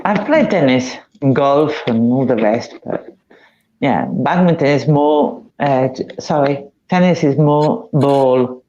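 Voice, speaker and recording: A man's voice: medium pitch, slow pace, mellow. A man in a casual chat who meanders, repeats words and drifts from topic to topic. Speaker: chat participant. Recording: dull lo-fi sound.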